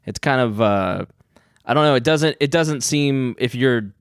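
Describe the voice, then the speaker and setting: A man co-hosting a comedy podcast, asking halting questions with frequent restarts. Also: mid-range voice, smooth, no room sound, clean studio sound. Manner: hesitant, restarting questions, easy laughter. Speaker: podcast co-host. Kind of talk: casual comedic chat.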